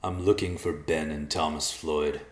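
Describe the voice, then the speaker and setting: A man's voice: a bass voice, steady tone, reverberant. A man doing a cold, menacing killer. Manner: threatening, slow, clipped.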